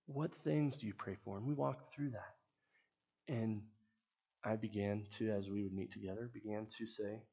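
A middle-aged man preaching with an earnest, storytelling delivery. His low voice is gravelly and a little husky, and his lines often fade off quietly at the end. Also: fairly even intonation, normal speed, dull audio. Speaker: pastor. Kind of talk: sermon.

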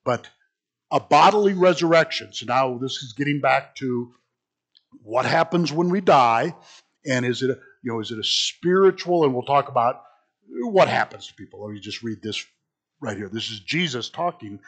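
A man's voice: medium pitch, lively intonation, normal speed, a bit bright. A man teaching an informal Bible class, chatty and self-mocking, who laughs at his own jokes and reads scripture aloud.

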